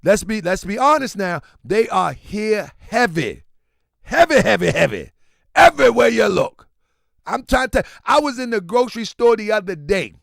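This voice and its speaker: A man hosting a show and giving a casual commentary monologue. He tells stories in an animated way and keeps saying "man". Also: high voice, moderate pace, creaky, no room sound, clean studio sound. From Baltimore. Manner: animated storyteller, repeats "man" often. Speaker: show host.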